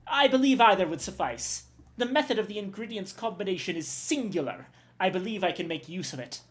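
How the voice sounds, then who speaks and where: A woman's voice: medium pitch, lively intonation, fairly quick, natural voice. A woman voicing an eager, grandiose male ship's chef in a game, with a put-on French accent and theatrical delivery. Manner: theatrical, exclaiming.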